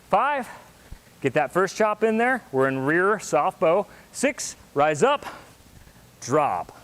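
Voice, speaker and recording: Man calling counts in a class. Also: on the high side. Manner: calls counts, brisk encouraging cues. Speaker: martial arts instructor.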